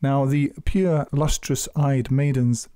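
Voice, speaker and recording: A man giving measured, earnest spoken commentary on scripture, exhorting his listeners. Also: medium pitch, fairly even intonation, dark tone, no echo, studio quality. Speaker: Quran commentator.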